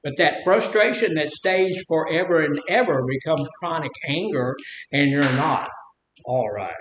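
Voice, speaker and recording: A man's voice: fairly high pitch, unhurried, fairly bright tone, slight background noise. An older man telling stories in a rambling, folksy way while teaching about anger in a casual talk. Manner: folksy, rambling storyteller who acts out quotes. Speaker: speaker leading a talk on anger. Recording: echoey room.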